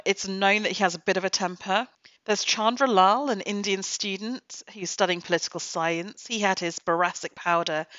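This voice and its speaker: A woman's voice: fairly low pitch, fairly bright tone, no echo, highs cut off. A woman hosting a book review podcast, talking in a wry, critical, conversational way. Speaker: podcast host.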